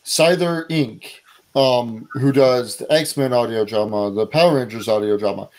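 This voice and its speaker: Co-host, man, mid-pitched, opinionated, drives the conversation. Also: a little slow, a little mellow. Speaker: podcast co-host. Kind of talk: casual chat.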